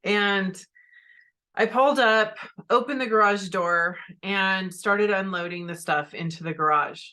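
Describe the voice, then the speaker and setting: A woman's voice: medium pitch, unhurried, bright, forceful tone. A middle-aged woman hosting a podcast, candidly telling a personal story and then coaching her listeners directly. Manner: candid, speaks straight to listeners. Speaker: podcast host.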